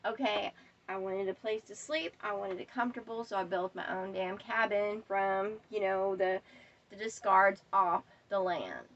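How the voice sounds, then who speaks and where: A woman's voice: medium pitch, measured pace, recorded from a distance, dull audio. A woman delivering a defiant, profane rant straight to camera. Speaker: vlogger. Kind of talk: angry monologue to camera.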